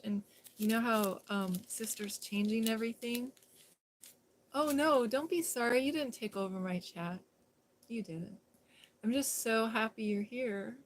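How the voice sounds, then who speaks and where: Chatty, giggly woman on a phone live stream. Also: medium pitch. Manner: chatty and giggly, talks to viewers in chat. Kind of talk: casual live-stream chat.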